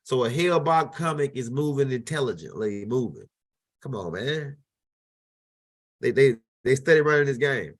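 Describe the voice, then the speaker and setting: A man's voice: mid-range voice, expressive, moderate pace. A man hosting his own channel, talking casually and animatedly over video clips, rambling with many restarts. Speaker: host.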